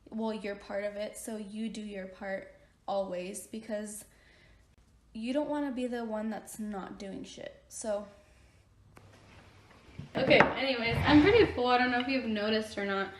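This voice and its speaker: Young woman, rambling mukbang chat, higher voice, echoey room, set back from the mic. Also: steady tone, measured pace, distant mic, noisy background. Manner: rambling, heavy use of "like", earnest. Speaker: mukbang vlogger. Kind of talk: casual motivational chat while eating.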